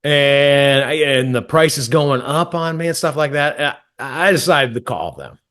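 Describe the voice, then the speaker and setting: A man's voice: mid-range voice, lively intonation, measured pace, fairly bright tone. A man from Texas co-hosting a podcast, telling a profane, rambling story with stammering restarts. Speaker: podcast co-host. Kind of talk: casual storytelling chat.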